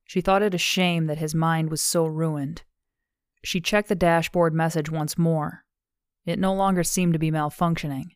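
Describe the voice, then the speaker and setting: In a steady, measured style, a woman narrates a novel as a scripted audiobook. Her low voice is smooth. The sound is dry and close-miked, with no room sound at all.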